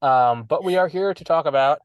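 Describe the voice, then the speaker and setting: A man's voice: a little high, moderate pace, clean tone, dry recording, dull audio. Teasing young man with a slight lisp. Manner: teasing, rambling, laughs often. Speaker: podcast co-host. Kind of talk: casual chat.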